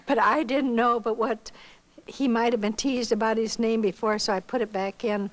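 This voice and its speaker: An older woman from Iowa giving a missionary testimony, telling her story with lively acted-out dialogue. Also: on the high side, normal speed, rough recording. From Iowa, United States. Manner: animated storyteller who acts out quoted dialogue.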